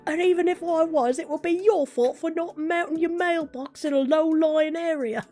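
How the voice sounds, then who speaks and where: A woman's voice: very high voice, normal speed, faint music behind, voice pushed up. Bossy young Naga lady. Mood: huffy. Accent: attempted English Midlands. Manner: shouty, defensive, blustering. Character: young haughty snake-woman Naga, prickly and bossy. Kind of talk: character voice practice.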